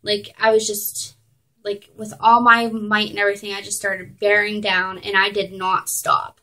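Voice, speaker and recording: Young mom vlogging at home, kinda high voice, lots of like and um. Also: female voice, little pitch movement, fairly bright tone, poor audio. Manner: chatty, lots of "like" and "um", quick laughs. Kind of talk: casual storytelling to camera.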